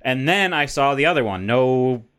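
A man's voice: medium pitch, animated, moderate pace, a bit bright, clean tone. A man co-hosting a casual podcast, ranting bluntly and swearing about movies he disliked. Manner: blunt, profane, opinionated ranting. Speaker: podcast co-host. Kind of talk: casual chat.

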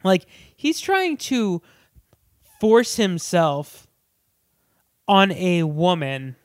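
A man's voice: high-pitched, very animated, drawn-out words, dry recording, studio quality. A man co-hosting a casual movie chat, joking and acting out the characters' lines. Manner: jokey, acts out characters' lines in silly voices. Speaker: podcast co-host.

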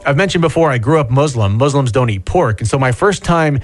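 A man in his thirties co-hosting a talk show, tossing in quick jokes and asides. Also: medium pitch, lively intonation, faint music behind. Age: 30s. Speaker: radio co-host. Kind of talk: casual morning show banter.

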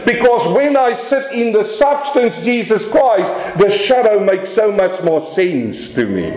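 A pastor delivers his sermon with animated energy, his fairly high voice leaping up and dropping low to stress each point. He slows right down on key phrases. The sound carries a noticeable room echo. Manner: animated preaching with dramatic pitch swings and slow emphatic phrases.

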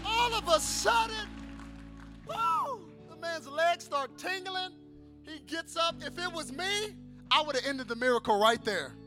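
A male pastor preaching a sermon in a church service, dropping to hushed storytelling and then building to shouted calls for the congregation to answer back. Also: extremely high pitch, animated, normal speed, over music. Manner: call-and-response with the congregation.

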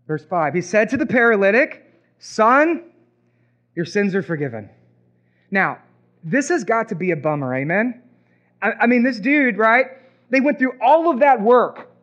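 A man preaching a sermon as pastor, animated and acting out imagined reactions. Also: sits high.

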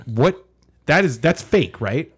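A man's voice: fairly high pitch, expressive, takes it slowly, husky. A man co-hosting a casual sports podcast, from California, rambling and laughing often. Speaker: podcast co-host.

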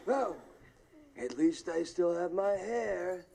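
Brief: vain, indignant old man, very high and strained, with a roaring studio audience. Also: lively intonation, takes it slowly, creaky, a loud crowd, heavy background noise, full character voice. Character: vain old man, proud of his hair. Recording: sitcom audio with loud studio audience laughter.

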